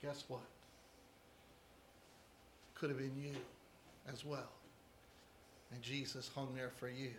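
A man's voice: medium pitch, flat delivery, takes it slowly, long pauses, background noise. A man preaching a sermon as pastor, emphatic and fond of repeating key phrases. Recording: echoey room.

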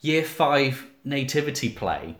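A man co-hosting a casual film podcast, making wry, deadpan jokes. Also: medium pitch, slow. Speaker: podcast co-host. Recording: echoey room.

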